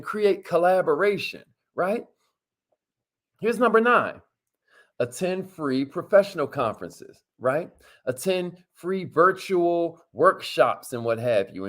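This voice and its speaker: A man hosting a motivational talk, speaking casually, calling his viewers y'all and leading them through affirmations. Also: on the high side. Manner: casual, repeats words, addresses viewers as y'all; leads call-and-response affirmations. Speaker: host.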